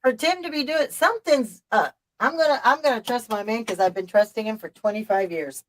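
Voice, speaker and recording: A woman's voice: on the high side, fairly quick, rough recording. Emphatic middle-aged woman telling a story. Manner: emphatic, profane, rambling retelling. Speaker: live-stream host. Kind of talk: casual storytelling chat.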